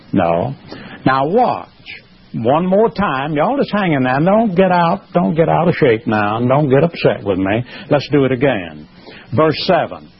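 A man's voice: fairly high pitch, breathy edge. A man preaching a sermon, emphatic and rising in force as he presses his points. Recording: muffled lo-fi sermon recording.

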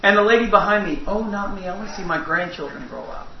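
High-voiced folksy preacher. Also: male voice, animated, fast talker, gravelly, slight background noise. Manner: folksy storytelling with jokes. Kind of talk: sermon. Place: church. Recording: echoey, distant, dull church sound.

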